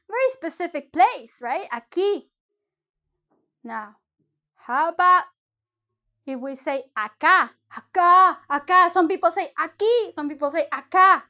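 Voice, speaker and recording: High-voiced chatty woman teaching. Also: sharp tone. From Mexico. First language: Spanish. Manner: rambling, chatty, with frequent restarts and self-corrections. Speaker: Spanish teacher. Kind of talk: casual online language lesson.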